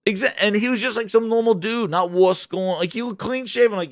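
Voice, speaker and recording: A man's voice: high-pitched, brisk, few pauses, no echo, clean studio sound. A man hosting a gaming channel, ranting in casual livestream commentary and chatting with his viewers. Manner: animated, ranting, chats with viewers.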